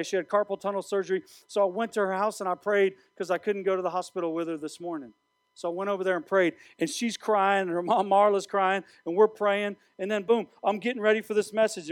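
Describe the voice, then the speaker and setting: Youth pastor, male, high-pitched, animated preacher; dry close sound. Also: dry recording. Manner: animated preaching with direct address. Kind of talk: sermon.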